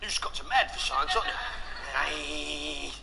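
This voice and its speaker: A man's voice: a little high, fast talker, vocal fry, background noise. A man doing a stand-up comedy set, swearing and teasing the crowd. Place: live comedy venue.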